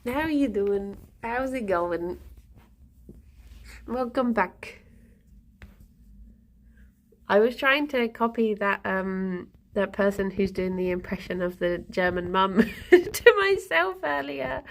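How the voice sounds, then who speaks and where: A woman streaming casually, chatting to viewers and cooing softly in baby talk to her pet rabbits. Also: mid-range voice, animated, slow pace, vocal fry, long pauses. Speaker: livestreamer. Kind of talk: casual livestream chat.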